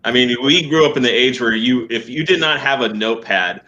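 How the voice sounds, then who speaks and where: A man's voice: medium pitch, fairly quick, pushed and bright, muffled recording. A middle-aged man, a podcast guest, chatting casually and self-deprecatingly, with many restarts.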